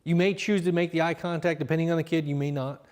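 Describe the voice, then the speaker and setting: A man with a slightly raised pitch leads a parenting seminar. He talks calmly and encouragingly, and drops into quiet, even examples of what to say to a child. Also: fast. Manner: calm, affirming, acts out level-toned examples. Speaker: seminar leader. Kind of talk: coaching parents in a live seminar.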